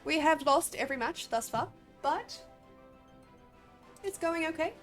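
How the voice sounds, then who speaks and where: A woman's voice: high voice, lively intonation, measured pace. A woman with an Australian accent chatting casually while streaming a game, sniffly and a bit drowsy, rambling and laughing often. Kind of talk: casual gameplay commentary. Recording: faint game music behind.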